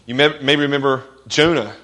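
A man's voice: medium pitch, a little fast, sharp tone. Earnest male pastor preaching. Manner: earnest, asks the congregation questions; quotes scripture with rising emphasis. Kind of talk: sermon.

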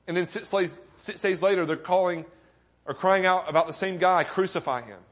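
Male pastor, slightly high voice, earnest sermon delivery, asks the congregation questions and builds emphasis. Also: fairly even intonation, moderate pace.

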